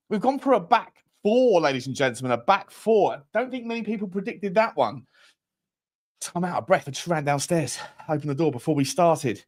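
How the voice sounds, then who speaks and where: A man with a fairly high voice hosts a live football watchalong. He keeps the banter easygoing and upbeat, greeting viewers and reading their comments aloud in a chatty, matey tone. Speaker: host of a football fan channel.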